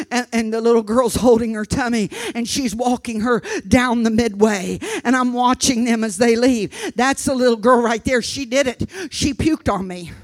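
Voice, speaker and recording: A woman preaching a sermon, telling a story dramatically and breaking into loud, shouted exhortations. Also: on the high side, low-quality recording.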